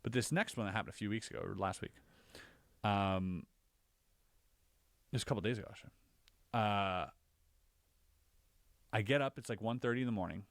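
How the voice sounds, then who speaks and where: A man on a podcast, casually recounting his own experiences as an animated storyteller whose voice jumps higher when he relives the scary parts. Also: normal speed, long pauses, no room sound. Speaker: podcast co-host.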